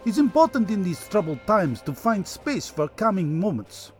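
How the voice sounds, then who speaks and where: A man voicing a smug male Russian state-media correspondent, in a put-on Russian accent with broken, deadpan English in a comedy sketch. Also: sits high, normal speed, music in the background.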